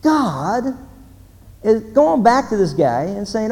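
A man's voice: high voice, big pitch swings, unhurried, dark tone. A male pastor preaching a sermon in an emphatic storytelling manner, putting questions to the audience. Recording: reverberant hall, faint background noise.

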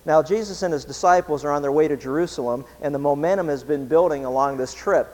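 A man's voice: a little high, quick pace. Male pastor preaching in a reverberant hall. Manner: relaxed, conversational storytelling. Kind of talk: sermon.

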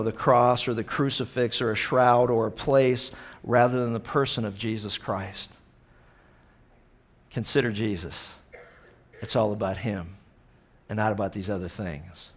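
A man preaching a sermon, impassioned, swinging between loud acted-out quotes and hushed, earnest passages. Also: medium pitch, gravelly. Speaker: pastor.

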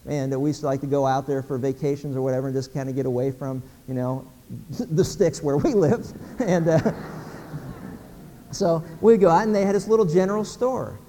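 A man's voice: fairly high pitch, normal speed, mellow, big-room sound, slight background noise. A middle-aged man from Pennsylvania preaching a sermon, folksy, acting out little everyday scenes. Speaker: pastor.

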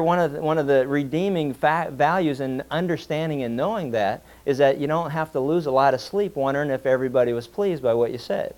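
A man's voice: on the high side, a little mellow. Folksy male preacher telling a story. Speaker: pastor. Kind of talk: sermon.

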